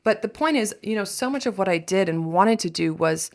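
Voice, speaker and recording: A young adult woman hosting a podcast, speaking candidly in a deep voice that frays into fry, blunt and swearing freely with wry asides. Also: lively intonation, brisk. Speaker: podcast host. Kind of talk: candid personal monologue.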